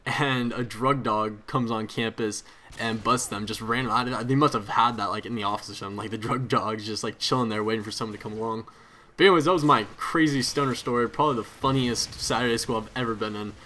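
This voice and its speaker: A man's voice: mid-range voice, fairly quick, bright, forceful tone. A young man hosting a gaming video, telling a story in a rambling, chatty way with lots of fillers and frequent laughs. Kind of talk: casual storytelling over gameplay commentary.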